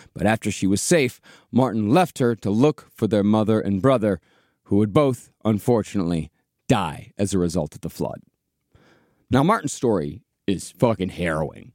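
A man's voice: on the low side, a little mellow, no room sound, clean studio sound. Man narrating a grim history story. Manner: measured storyteller with casual swearing. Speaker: podcast host.

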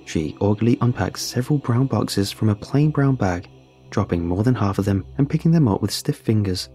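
A man narrating a first-person horror story in a steady, measured way. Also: on the low side, soft background music.

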